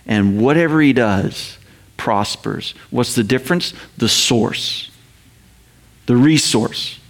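A man preaching a sermon, slowing down to read scripture and speeding up in quick explanatory asides. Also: medium pitch. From North America. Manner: animated, quotes scripture slowly, paraphrases in quick asides. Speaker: pastor.

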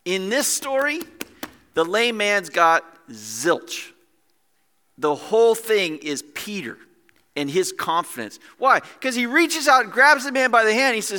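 Preaching as pastor in a church hall, this man speaks with a high-pitched voice at a measured pace. He's animated, acting out scenes in different voices.

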